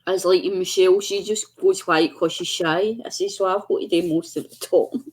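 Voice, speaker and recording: A woman's voice: fairly low pitch, fairly even intonation, brisk, a little mellow, slight background noise. A chatty, giggly woman co-hosting a casual craft livestream over a video call. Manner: chatty, giggly, mimics voices. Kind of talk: casual chat.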